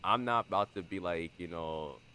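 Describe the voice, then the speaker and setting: A young man hosting a podcast in casual conversation, animated and acting out the voices he quotes. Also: deep voice, normal speed, a little hiss or hum, rough recording. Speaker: podcast host.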